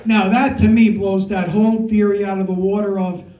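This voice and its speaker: A man's voice: high voice, flat delivery, normal speed, lo-fi sound. A middle-aged man from Brooklyn with a heavy New York Italian-American accent, doing a brash, profane stand-up set at an open mic. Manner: brash, profane storytelling with punchlines. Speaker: stand-up comedian. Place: comedy club with audience. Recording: echoey room, mic heard from a distance. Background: audience laughter.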